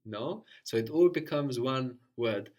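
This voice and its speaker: Male tutor, average pitch, patient and prompting, ends points with "no?". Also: animated, a little slow, darkish tone. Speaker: language teacher. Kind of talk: guided language lesson.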